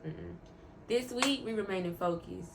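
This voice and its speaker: Fairly low and creaky, this woman's voice moves at a moderate pace amid background noise as she vlogs about her faith. Emotional and sincere, she wanders in her talk and repeats words to stress them.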